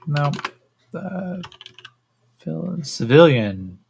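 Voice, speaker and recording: A man running a solo tabletop role-playing game on a stream, relaxed and thinking aloud with a lot of fillers and swearing. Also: a little high, very slow, gravelly, breathy edge. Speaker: solo game master and player.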